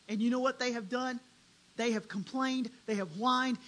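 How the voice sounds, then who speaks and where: A preacher delivering a dramatic sermon, swinging between hushed and loud. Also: medium pitch, steady tone, normal speed, low-quality recording.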